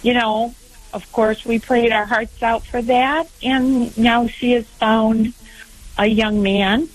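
A woman's voice: on the high side, fairly even intonation, slow, rough recording. A middle-aged woman calling in to a radio show, hesitant and full of ums. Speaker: caller.

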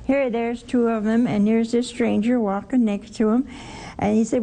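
A woman teaching a Bible study in a lively way, asking her listeners questions and adding wry humor. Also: mid-range voice, normal speed, creaky.

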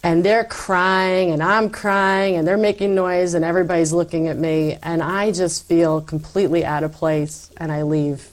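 A woman guest telling her faith story in an interview, animated and acting out her past self. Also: fairly low pitch, normal speed, few pauses. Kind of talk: personal faith testimony.

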